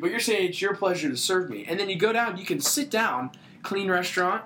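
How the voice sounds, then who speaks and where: A man's voice: high voice, animated, fairly quick, bright, forceful tone, slight background noise. A man co-hosting a podcast in casual chat, telling stories with enthusiasm and acting out quotes. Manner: enthusiastic storyteller who acts out quotes. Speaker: podcast co-host.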